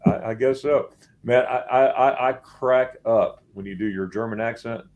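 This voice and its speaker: A man's voice: medium pitch, moderate pace, narrow, tinny audio. A man hosting a casual late-night live chat, rambling and repeating words as he talks, tired after staying up all night. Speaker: host.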